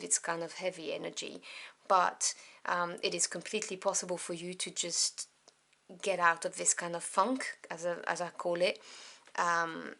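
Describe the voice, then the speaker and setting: A woman giving a tarot reading to camera, gentle and meandering, with many pauses and apologies. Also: on the low side. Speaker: tarot reader.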